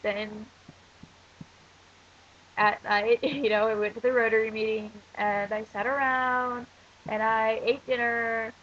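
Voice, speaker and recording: This casual vlog comes from a teenage girl from the United States who is an exchange student and currently sick, congested and coughing as she rambles and rants through lots of fillers. Her voice sits on the high side and is a bit bright, with fairly even intonation, a slow pace and long pauses. The dull lo-fi audio carries a little hiss or hum.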